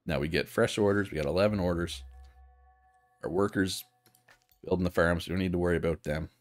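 A streamer with a low, deep voice gives casual live commentary on a strategy game, thinking aloud and stopping to answer viewers' chat. He speaks a little fast in a steady tone. The close, dry recording has no room sound and soft background music.

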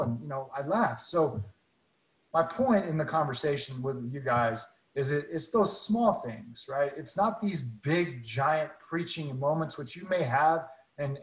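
A man's voice: fairly high pitch, lively intonation, moderate pace, fairly bright tone, reverberant, low-quality recording. A man telling a personal faith story in an earnest, conversational way, often restarting and repeating words. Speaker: guest speaker.

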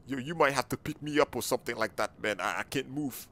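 A man's voice: medium pitch, fast talker, pushed and bright, no echo. A gaming YouTuber, a man chatting in a jumpy, panicky way full of "yo" while role-playing through gameplay. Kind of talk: excited role-play gameplay chat.

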